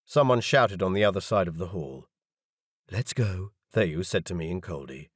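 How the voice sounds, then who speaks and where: Male audiobook narrator, low and animated, dry studio read. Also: a little fast, no echo. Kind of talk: scripted first-person narration.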